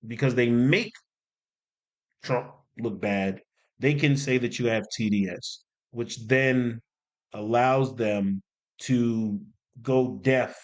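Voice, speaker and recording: A man talking casually to camera as a commentary host, animated and repeating points for emphasis. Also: mid-range voice. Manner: animated, repeats himself for emphasis, jokey asides. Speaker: commentary YouTuber.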